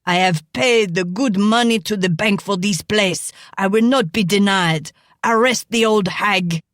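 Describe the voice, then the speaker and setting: A small, irate Frenchman, as a woman reader puts him on, ranting and demanding, his voice pushed higher and louder. He talks in insistent bursts, and the sound is dry and close. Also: measured pace, no room sound, natural voice.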